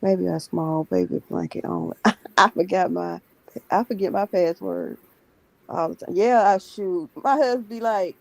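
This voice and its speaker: Gravelly, mellow-voiced woman chatting. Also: lowish voice, measured pace, pauses often, poor audio. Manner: relaxed, informal, explains patterns plainly, laughs at herself. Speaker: guest on a livestream. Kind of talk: casual chat.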